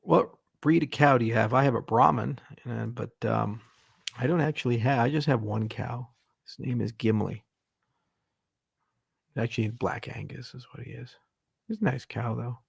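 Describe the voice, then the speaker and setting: A middle-aged man with a deeply gravelly, husky voice riffs through viewer questions on a livestream. He jokes and swears freely. The sound is dry and close, with no room around it. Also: normal speed, dry recording. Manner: irreverent, joking, swears freely. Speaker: host answering viewer questions. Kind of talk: casual livestream Q&A.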